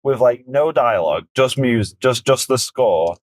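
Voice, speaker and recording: Male podcast co-host, casual film talk, animated quoted reactions, close dry recording. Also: unhurried, dry recording. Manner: animated, rises high when quoting his own reactions. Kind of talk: casual film review chat.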